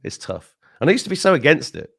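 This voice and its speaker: A man's voice: a little high, sing-song, quick pace, gravelly, dry recording, studio quality. A man in his fifties hosting a casual podcast chat, rambling through stories with swearing and laughter. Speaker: show host.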